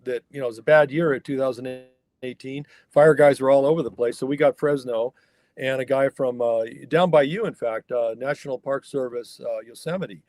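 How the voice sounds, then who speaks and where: An older man from the Northern California mountains appears as a guest in a conversational storytelling interview, speaking as a wild horse fire researcher. His mid-range, darkish voice moves at normal speed on a dry recording, and he tells folksy, emphatic anecdotes, acting out the dialogue.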